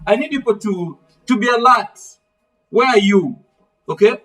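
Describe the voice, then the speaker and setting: A man's voice: high-pitched, unhurried, distant mic, low-quality recording. A man teaching a literature lesson, calling on students by name and asking fill-in-the-blank questions. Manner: animated, acts out voices of characters. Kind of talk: live online literature lesson.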